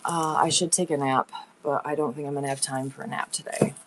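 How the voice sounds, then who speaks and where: A woman's voice: rumbling low, fairly even intonation, brisk, noisy background. A young woman chatting casually and rambling on a livestream from her home. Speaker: live seller.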